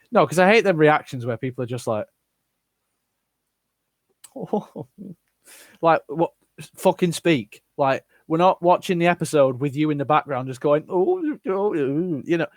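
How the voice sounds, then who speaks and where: Hosting a casual live stream, a man with a mid-range voice reads out viewer comments and responds bluntly, with lots of swearing. The recording is dry.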